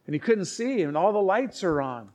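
A man preaching, telling stories in an earnest, halting way with many restarts and acted-out quotes. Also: high-pitched, big pitch swings, a little mellow. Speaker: pastor. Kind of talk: sermon storytelling.

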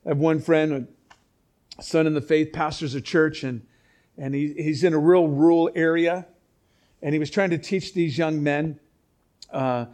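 A man preaching a conversational Bible teaching, animated, with sarcastic asides and chuckles. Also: fairly high pitch, unhurried, long pauses. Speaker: pastor. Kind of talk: expository sermon.

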